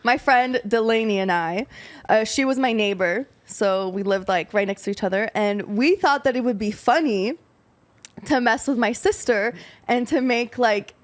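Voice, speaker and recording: A woman's voice: fairly high pitch, normal speed. A young woman telling a story in casual podcast chat, laughing as she talks and filling her sentences with "like". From abroad, moved to the US at ten. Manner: laughs while talking, fillers like "like".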